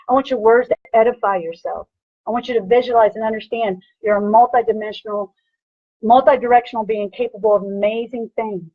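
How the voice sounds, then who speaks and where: Husky, punchy woman fitness coach. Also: a little high, no room sound, phone-quality sound. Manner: energetic, punchy, repeats "bam" and "right?". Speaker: personal trainer. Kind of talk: motivational lecture.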